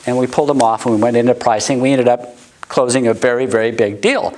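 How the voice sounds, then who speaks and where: A middle-aged man giving a sales training talk, acting out customer quotes in high voices. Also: fairly even intonation, fast talker, darkish tone, slight background noise, low-quality recording. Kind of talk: motivational sales talk to a live audience. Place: warm indoor room.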